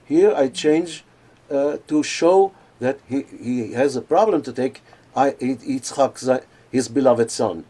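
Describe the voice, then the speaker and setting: A man giving a conference lecture on cantillation. He explains in plain speech and then chants scripture verses slowly, with drawn-out phrasing. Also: mid-range voice, mellow, breathy edge.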